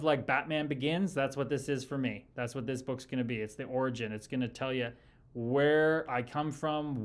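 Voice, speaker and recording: A man in his early thirties hosting a livestream, reading chat and talking casually, swearing often and calling everyone brother. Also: medium pitch. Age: early 30s. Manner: profane, loose and enthusiastic, calls people brother. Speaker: podcast host reading live chat.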